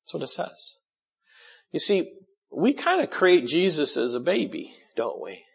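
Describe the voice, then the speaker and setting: A male pastor delivers a sermon in a gravelly, husky voice. He speaks animatedly and climbs to loud, emphatic peaks. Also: a little high, unhurried. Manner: animated preaching with rising bursts of emphasis.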